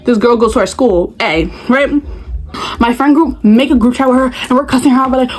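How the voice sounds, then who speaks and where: A young woman tells school stories in a casual vlog. Her voice sits a little high, and she stays animated, slipping into quick impressions of friends and classmates. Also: rough recording. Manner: animated, acts out other people's voices. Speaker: vlogger. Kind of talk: casual storytime.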